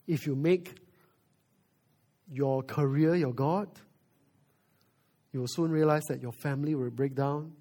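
A male pastor preaching a sermon, moving from quiet reflection to loud emphasis. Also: a little high, fairly even intonation, unhurried, long pauses.

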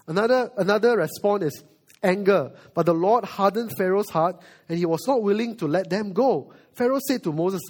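A male pastor preaching a sermon, moving from quiet reflection to loud emphasis. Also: high-pitched, lively intonation, moderate pace.

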